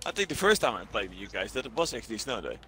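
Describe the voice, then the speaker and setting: A man's voice: fairly low pitch, sing-song, racing, sharp tone, slight background noise. A man from the Netherlands with a Dutch accent, chatting playfully and laughing easily during a game. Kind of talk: casual gaming chat.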